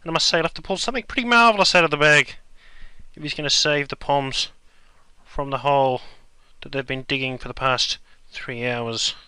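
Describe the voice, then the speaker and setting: A man playing a pompous male TV cricket commentator in a comedy sketch, with measured broadcast delivery. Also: mid-range voice, pushed and bright, clean tone, dry recording. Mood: wry.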